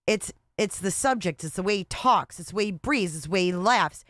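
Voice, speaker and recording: A woman's voice: medium pitch, lively intonation, a little fast, fairly bright tone, dry recording, studio quality. A woman hosting a casual livestream, talking in a blunt, repetitive and exasperated way. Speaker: livestream host.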